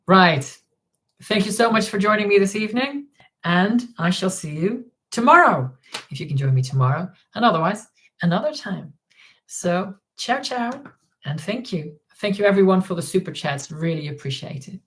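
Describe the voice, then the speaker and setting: A woman's voice: lowish voice, animated, moderate pace, fairly bright tone. A woman hosts a casual livestream and talks off the cuff. She trails off, restarts her sentences and fills the gaps with ums as she replies to comments from the chat. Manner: rambling, hesitant, many ums and restarts, reading out chat comments. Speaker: livestream host.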